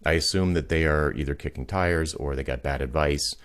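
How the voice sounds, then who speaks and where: A man with an exceptionally deep, low voice coaches a guest over a video call. He explains his points with calm confidence and often illustrates them with little stories. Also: fairly quick. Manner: confident, explanatory, tells anecdotes to make points. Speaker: podcast host and business coach.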